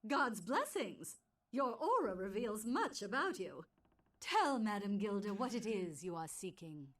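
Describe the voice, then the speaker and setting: An actress voicing a theatrical female carnival fortune teller who speaks in a slow, mystical, prophetic manner. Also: medium pitch, big pitch swings.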